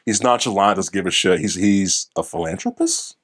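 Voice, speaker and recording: A man's voice: deep voice, very animated, moderate pace, fairly bright tone. A young man co-hosting a casual movie review podcast, rambling, swearing and correcting himself as he recaps scenes. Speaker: podcast co-host.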